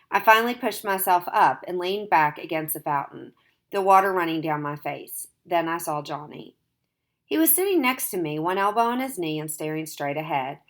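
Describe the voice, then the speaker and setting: A woman's voice: on the low side, a bit bright. A woman reading a novel chapter aloud to listeners, narrating and lightly voicing the characters in her own voice.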